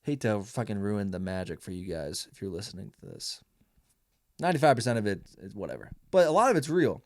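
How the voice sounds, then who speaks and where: A man's voice: on the low side, a little fast, gravelly, no echo, studio quality. Profane, rambling young man comedian. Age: 20s. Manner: animated, self-mocking. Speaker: stand-up comedian, podcast host. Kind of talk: casual monologue.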